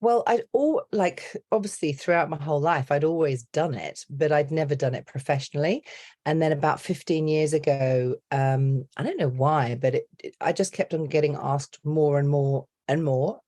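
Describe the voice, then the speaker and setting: A middle-aged woman from England speaks with an English accent in a low, deep register. She chats animatedly as a podcast guest, telling stories with plenty of energy. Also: normal speed. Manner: chatty, animated storyteller. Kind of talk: casual interview chat.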